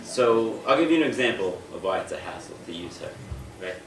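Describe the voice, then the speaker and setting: A man's voice: lowish voice, big pitch swings, a little fast, over music. A young American man performing stand-up comedy, self-deprecating and often restarting his sentences. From United States. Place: stage in a room. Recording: echoey room, distant mic, faint noise.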